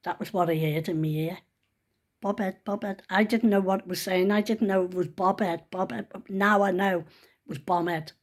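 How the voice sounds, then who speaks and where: A woman's voice: on the low side, fairly even intonation, moderate pace. Earnest woman in her sixties telling a story. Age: 60s. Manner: chatty, earnest, folksy storytelling. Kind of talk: casual storytelling vlog. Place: at home, sitting on a sofa.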